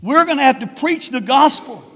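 High-voiced preacher in a reverberant hall. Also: male voice, lively intonation, moderate pace. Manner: swings from shouted proclaiming to low quiet tones. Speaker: pastor. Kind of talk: sermon. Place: church sanctuary.

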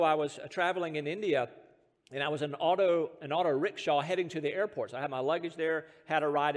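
High-voiced American pastor in a reverberant hall. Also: male voice. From United States. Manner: storytelling with self-deprecating humor and chuckles. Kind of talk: sermon.

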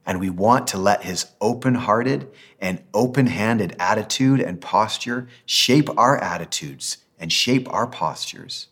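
Deep slightly husky guy preaching, earnest and gentle, pastor vibe. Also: unhurried, hardly any pauses. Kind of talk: sermon.

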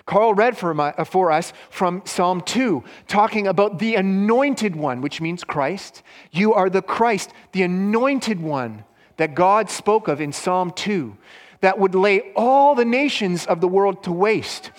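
A man preaching a sermon as pastor, earnest and emphatic, swinging between loud stresses and hushed lines. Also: high-pitched, expressive, a little slow, in a large hall.

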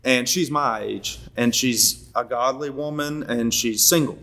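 Young guy teaching bible study, laid back and rambly, fixes himself midsentence, voice not high not low. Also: unhurried. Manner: relaxed, rambling, self-correcting.

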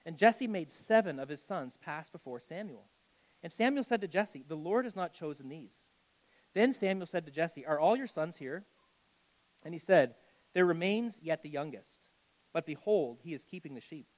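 A man's voice: on the high side, lively intonation, normal speed, poor audio. A man preaching as a pastor, reading scripture and breaking off into conversational asides with lots of "like" and "okay".

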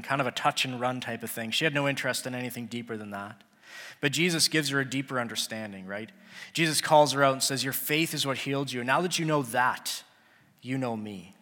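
A man's voice: mid-range voice, pushed and bright. Earnest preacher man in a reverberant hall. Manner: earnest, conversational, acts out biblical characters. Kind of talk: sermon.

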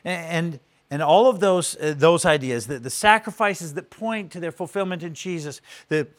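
Male pastor with a fairly high voice, earnest and halting, teaching scripture. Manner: earnest, repeats words when starting phrases. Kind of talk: sermon-style Bible teaching.

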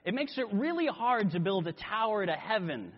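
A man preaching a sermon, telling a story in an animated way and acting out voices. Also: high voice, moderate pace. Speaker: pastor. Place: church sanctuary. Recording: echoey hall, dull lo-fi sound.

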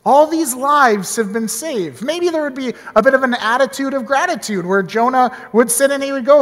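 A man reading scripture and explaining it in an animated, conversational way. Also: very high voice, moderate pace, in a large hall. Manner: animated, conversational, with small restarts. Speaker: Bible teacher. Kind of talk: Bible reading and teaching.

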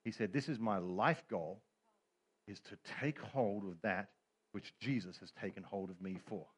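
A man's voice: on the low side, moderate pace, husky. A middle-aged man preaching a sermon as pastor, telling stories with humor and quoted voices.

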